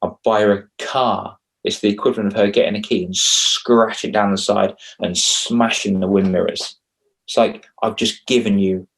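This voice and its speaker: Brief: young man, low voice, animated coach, acts out dialogue. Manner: animated, acts out quoted dialogue with big pitch jumps. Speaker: confidence coach for kids. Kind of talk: casual podcast interview.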